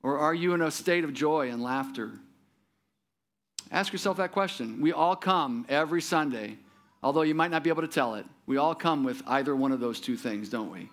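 A man's voice: a little high, normal speed, a bit bright. A man preaching a sermon as pastor, talking conversationally and asking the congregation many rhetorical questions.

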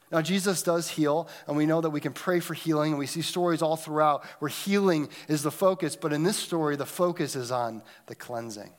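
A man preaching a sermon, swinging between loud emphatic lines and hushed, almost whispered moments. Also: on the high side. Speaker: pastor.

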